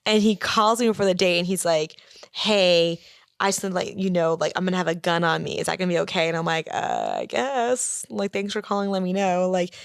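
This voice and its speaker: A young adult woman comedian from the Boston area, guesting on a podcast, rambles through a long story in casual chat, saying "like" constantly and acting out the voices of the people in it. Her fairly low voice is lively, fairly quick, clear and resonant with vocal fry. The recording is dry and studio quality.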